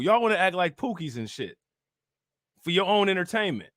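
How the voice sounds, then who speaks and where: A man's voice: sits high, sing-song, normal speed, pauses often, a bit bright, no room sound, clean studio sound. A young man, ranting profanely on a livestream and firing off repetitive rhetorical questions to his chat. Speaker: livestream political commentator. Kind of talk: casual livestream rant reacting to chat.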